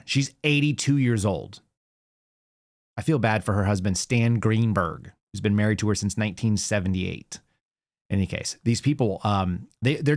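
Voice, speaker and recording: A man's voice: medium pitch, no room sound. A man in his forties hosting a political commentary show, sarcastic and rambling, talking casually from a studio. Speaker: show host.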